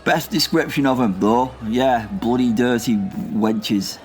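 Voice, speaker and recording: A man voicing a rambling, crude old war veteran with a gruff Lancashire accent in a comedy audio drama. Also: mid-range voice, slow, darkish tone, soft background music, close to an everyday voice. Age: older. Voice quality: gruff dialect-heavy rambling, confused and crude.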